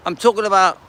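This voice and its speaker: Strolling through a seaside town, an older man runs a casual live stream, chatting along and greeting his viewers by name. His voice is high-pitched and sharp.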